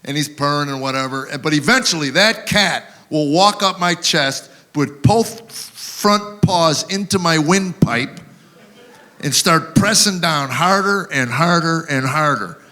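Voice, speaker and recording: Bright-voiced man doing wry stand-up. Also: fairly high pitch, a little slow. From Tennessee, USA. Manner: wry storytelling, acts out voices for punchlines. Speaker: stand-up comedian. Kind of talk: live stand-up routine. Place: awards show stage.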